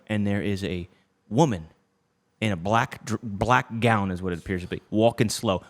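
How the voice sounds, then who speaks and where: A young adult man hosting a podcast, telling a story in an animated, casual way, cursing now and then and checking in with "okay?". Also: mid-range voice. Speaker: podcast host.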